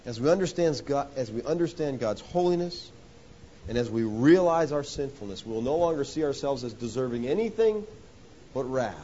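A man preaching a sermon, rising to loud emphatic points and dropping to hushed lows, often calling listeners "folks.". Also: expressive, moderate pace. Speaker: pastor. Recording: dull lo-fi sound with faint hiss.

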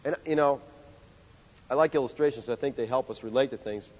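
A male pastor preaching a sermon in a conversational, animated way, full of rhetorical questions. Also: mid-range voice, a little fast. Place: church sanctuary. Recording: dull sound with long hall reverb.

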